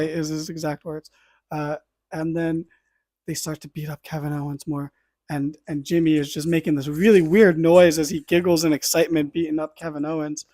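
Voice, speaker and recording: A man's voice: a little high, normal speed, no echo. Man animatedly recapping, dry close sound. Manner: animated play-by-play retelling with asides and swearing. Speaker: podcast host. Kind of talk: casual wrestling recap.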